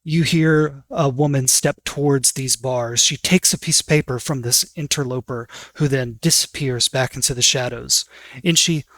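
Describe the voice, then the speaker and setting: A man's voice: medium pitch, normal speed, a bit bright, no echo. A man running a tabletop game as game master, narrating scenes in a casual, descriptive way.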